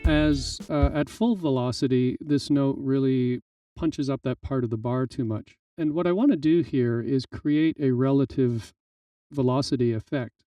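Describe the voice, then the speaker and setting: A man walks through a software tutorial in an easygoing, explanatory manner, pausing on fillers as he works. His voice is warm and mellow. It sits a little back from the mic in a dry, deadened room. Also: medium pitch, no room sound, distant mic, soft background music. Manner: relaxed explanatory, frequent fillers. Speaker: music tutorial instructor. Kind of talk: screen-recorded software tutorial.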